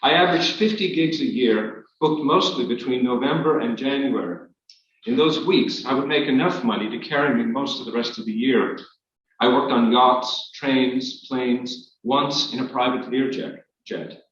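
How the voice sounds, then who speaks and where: A man reading his memoir aloud to an audience, in a measured, wry storytelling manner. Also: mid-range voice, fairly bright tone. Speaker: author reading his work. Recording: echoey hall, distant, dull.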